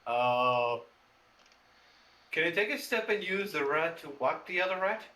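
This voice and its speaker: A man's voice: fairly high pitch, animated, unhurried, bright, forceful tone, rough recording. Playful man at a tabletop game. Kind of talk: casual play at a tabletop game.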